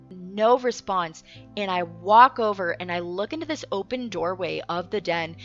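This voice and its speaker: A young woman hosting and telling a story in a casual, animated way, laughing often and swearing freely. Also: medium pitch, moderate pace. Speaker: host. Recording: dull lo-fi recording with faint music.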